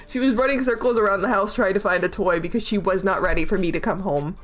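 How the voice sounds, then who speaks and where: A woman's voice: mid-range voice, quick pace, hardly any pauses, faint music behind. A young adult woman chatting casually on a livestream, rambling with lots of fillers and frequent giggles. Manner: giggly, rambling, laughs often. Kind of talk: casual chat stream.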